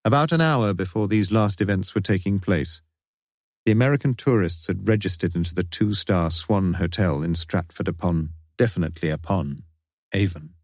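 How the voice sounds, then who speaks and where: Man, audiobook narration, measured, wry, dry booth sound. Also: low-pitched, darkish tone, dry recording. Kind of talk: scripted narration.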